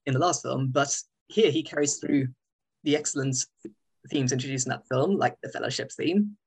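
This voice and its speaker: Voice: mid-range voice, normal speed, gravelly, husky. A co-host in a casual film discussion who speaks earnestly and analytically. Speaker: podcast co-host.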